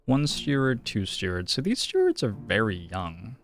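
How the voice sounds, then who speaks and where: A man's voice: lowish voice, huge pitch swings, normal speed. A young man streaming a detective game, musing and thinking aloud in casual commentary.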